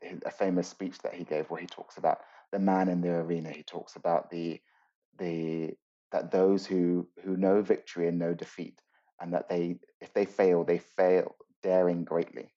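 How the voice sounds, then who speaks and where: Guy on a podcast, really low warm voice, earnest and thoughtful, a bit muffled. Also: level tone. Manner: earnest, thoughtful, explains with pauses and restarts. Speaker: guest, mindfulness teacher. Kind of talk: podcast interview explanation.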